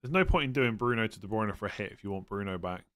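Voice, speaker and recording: A man hosting a live stream, chatting casually and thinking aloud as he answers viewers' questions. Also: on the low side. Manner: relaxed, thinks aloud with fillers and quick verdicts. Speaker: livestream host answering fantasy football questions.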